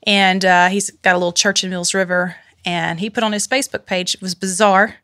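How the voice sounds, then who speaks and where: A woman's voice: mid-range voice, level tone, fairly quick, fairly bright tone, no echo, clean studio sound. A woman co-hosting a podcast, speaking casually and hesitantly with fillers. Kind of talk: casual conversation. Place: studio.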